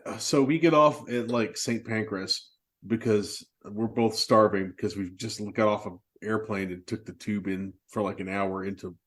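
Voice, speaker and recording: Low-voiced man telling rambling stories. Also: fairly even intonation, normal speed. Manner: rambling anecdotal storyteller, laughs at himself. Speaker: podcast co-host. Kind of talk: casual chat.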